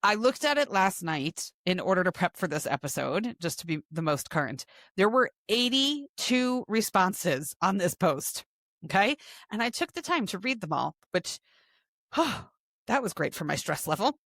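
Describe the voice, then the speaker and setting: A woman's voice: mid-range voice, very animated, a little slow, a bit bright, no room sound. A woman co-hosting a podcast in casual chat, reading out a long list with dry asides. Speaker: podcast co-host.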